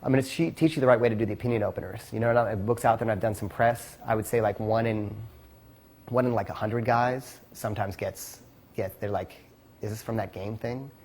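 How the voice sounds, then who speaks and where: A man's voice: lowish voice, fairly even intonation, fairly quick, a little mellow. A man teaching a casual seminar as a dating coach, rambling with lots of "like" and "you know" and the odd curse.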